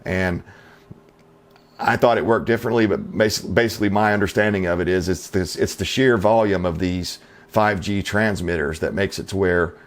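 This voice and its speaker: A middle-aged man with a fairly low voice delivers opinionated commentary as host of his own channel. He talks in a folksy, skeptical way, peppered with rhetorical questions and casual fillers. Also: normal speed.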